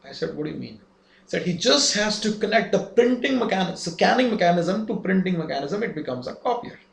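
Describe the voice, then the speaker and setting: A man's voice: high voice, animated, brisk, vocal fry. Man teaching in an echoey room. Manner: explains step by step with rhetorical questions. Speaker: instructor. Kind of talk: explanatory lesson. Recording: echoey room, faint ambience.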